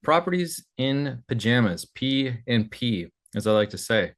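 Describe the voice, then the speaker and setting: A man's voice: mid-range voice, very animated, measured pace. A man giving a casual, chatty screen-share walkthrough of websites, thinking aloud as he goes. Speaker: business partner walking through websites.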